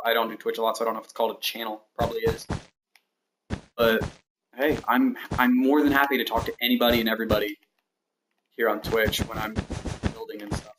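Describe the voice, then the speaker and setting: A man's voice: medium pitch, noisy background. Rambling streamer man, clicks behind. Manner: rambling, self-deprecating, thinking aloud while counting blocks. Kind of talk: casual livestream chat while building in a game. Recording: steady mouse and keyboard clicks behind.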